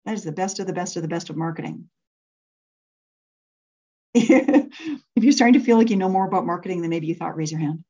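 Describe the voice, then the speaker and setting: A woman's voice: fairly low pitch, brisk, pauses often, mellow, slightly rough, muffled recording. A woman leading an interactive workshop for entrepreneurs. She laughs often and asks the group to raise their hands.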